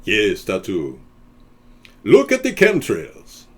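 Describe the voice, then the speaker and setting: A man doing an impression of a suave older fantasy-island host, with grand, drawn-out, sweeping delivery. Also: fairly low pitch, huge pitch swings, exaggerated voice. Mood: grandiose.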